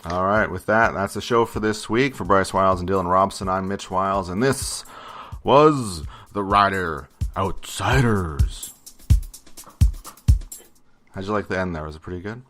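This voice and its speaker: A man from Canada hosts a laid-back podcast chat. His voice sits very low, and faint music plays beneath it. He talks in an easy, relaxed way. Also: fast talker, hardly any pauses. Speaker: podcast host. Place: home in Yellowknife.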